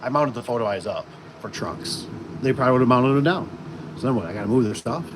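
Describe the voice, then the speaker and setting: A man's voice: medium pitch, lively intonation, quick pace. Rambling man on a noisy livestream. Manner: rambling, heavy with fillers and restarts. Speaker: garage door installer hosting a livestream. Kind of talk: casual livestream chat. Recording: noisy, with air conditioning and vehicle sounds.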